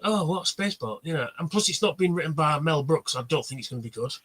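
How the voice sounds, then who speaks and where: A man hosts a casual livestream chat, talking animatedly about films and acting out quotes. His voice sits a little high and comes across bright and forceful. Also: fast talker, breathy edge. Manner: animated, swears, acts out film quotes. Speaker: livestream host.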